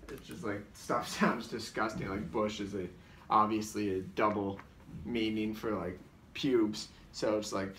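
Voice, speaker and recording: A fairly low, slightly bright male voice with fairly even intonation talks a little slowly. He's a comedian casually rambling through his sketches, heavy on "like," full of restarts and quick voice impressions. The far-off mic sounds roomy, with a little hiss or hum.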